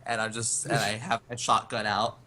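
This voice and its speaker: A man's voice: lowish voice, flat delivery, moderate pace, pushed and bright. A man playing a tabletop game, eagerly narrating what his character does and asking about dice rolls. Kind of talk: casual game table chat.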